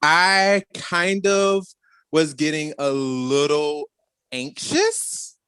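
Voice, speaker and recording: A man co-hosting a podcast, talking in an animated, expressive storytelling way in casual chat. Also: a little high, very slow, clear, resonant tone, no echo. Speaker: podcast co-host.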